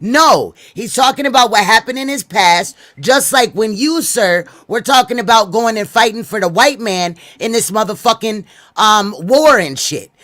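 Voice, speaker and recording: A woman's voice: on the high side, lively intonation, moderate pace, fairly bright tone. A woman hosting a panel, firmly moderating and correcting the guests with casual swearing. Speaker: host.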